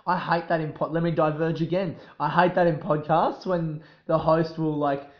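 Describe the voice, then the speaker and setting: A man's voice: fairly high pitch, roomy sound, lo-fi sound. A young Australian man hosting a podcast, chatting casually in a rambling, swearing, self-mocking way that keeps getting sidetracked. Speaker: podcast host. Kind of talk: casual solo podcast chat.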